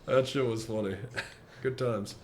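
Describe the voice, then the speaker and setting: A man's voice: medium pitch, a little slow. A man streaming, chatting casually and telling a story with lots of laughter. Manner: animated storyteller, laughs often, acts out voices. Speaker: streamer host. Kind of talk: casual chat.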